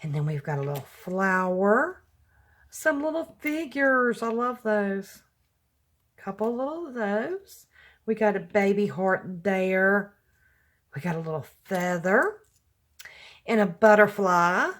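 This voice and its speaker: A middle-aged woman chatting through a craft mail unboxing, gushing, her voice jumping up high when she gets excited. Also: slow, long pauses. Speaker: craft vlogger. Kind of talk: casual unboxing chat.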